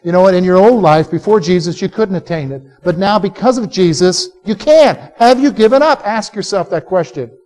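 A male pastor preaching a sermon to a live congregation, animated and conversational, quizzing listeners to answer back. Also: high-pitched, normal speed, hardly any pauses. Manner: direct, conversational asides to the listeners. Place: church service before a live congregation.

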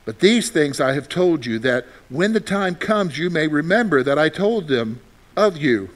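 A middle-aged male pastor with a fairly high voice preaches with animated energy. He fires rhetorical questions at his listeners and swings between loud emphatic bursts and soft, confiding asides. He sounds like a sermon delivered to a congregation. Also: normal speed.

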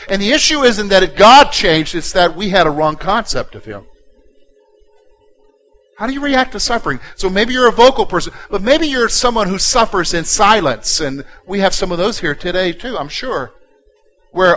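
A male pastor delivering a sermon, dropping to a quiet intimate tone and then rising loud and emphatic. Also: high-pitched, expressive, normal speed, low-quality recording. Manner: dynamic preaching, swinging from hushed to loud and emphatic.

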